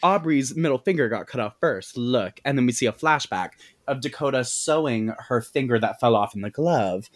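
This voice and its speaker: A man hosting a podcast, giving a casual, animated movie recap full of swearing and "like"s. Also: medium pitch, moderate pace, few pauses. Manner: animated, profane storytelling with many "like"s. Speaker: podcast host.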